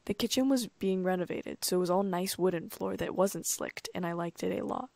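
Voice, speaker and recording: A woman narrating a first-person audiobook in a calm, even storytelling manner. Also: lowish voice, fairly quick, creaky, no echo.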